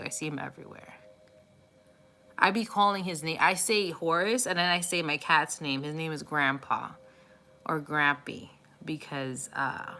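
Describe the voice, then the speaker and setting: A woman host chatting casually with viewers on a live stream, warm and cooing as she talks about cats. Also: deep voice. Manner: chatty and affectionate, cooing baby talk at her cat. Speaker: tarot reader live streaming.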